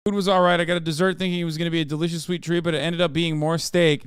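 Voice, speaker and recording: A man hosting a livestream in casual chat, reading viewer posts aloud in an offhand, sarcastic way with loud outbursts. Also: a little high, level tone, rapid-fire, smooth, dry recording, clean studio sound. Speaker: livestream host.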